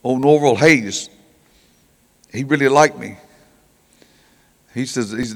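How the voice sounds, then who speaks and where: An older man tells revival stories in a folksy, homespun sermon, stumbling over his words and voicing the people he quotes. His voice is gravelly, sits in a middle pitch, and rings out in a large, reverberant church hall. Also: measured pace. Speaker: preacher telling revival stories.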